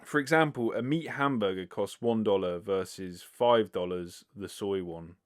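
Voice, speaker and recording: A man's voice: fairly low pitch, moderate pace. A British man hosting a casual solo podcast, answering listener questions in a rambling, self-deprecating way with lots of fillers and casual swearing. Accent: British English. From Britain. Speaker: podcast host.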